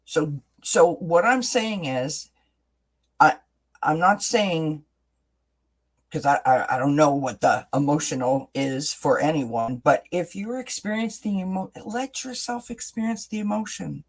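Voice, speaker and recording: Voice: mid-range voice, a little slow. A tarot reader hosting a live reading, talking casually and often checking in with "right?" while repeating words and restarting sentences. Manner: chatty, keeps asking "right?". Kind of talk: livestream tarot reading chat.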